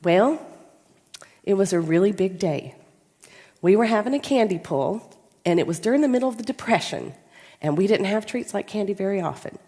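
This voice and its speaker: A woman's voice: medium pitch, normal speed, pauses often, close to an everyday voice. A woman voicing her commanding grandmother in her nineties, telling a folksy story in a Southern accent. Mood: fond. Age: 90s. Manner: folksy, lively porch storytelling. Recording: long reverb in a large hall.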